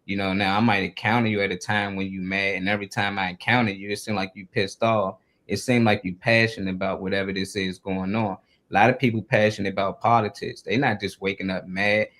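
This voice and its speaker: A man's voice: fairly low pitch, fairly quick, hardly any pauses. A man talking casually on a talk show, building his point with lots of "like" and "you know", and now and then acting out the voices of others. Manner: animated, acts out yelling coaches and sergeants.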